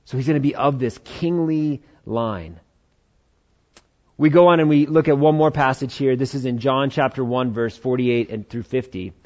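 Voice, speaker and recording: A man's voice: mid-range voice, normal speed, darkish tone, dull audio. A man preaching a conversational sermon, acting out Bible dialogue in changing voices. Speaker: pastor.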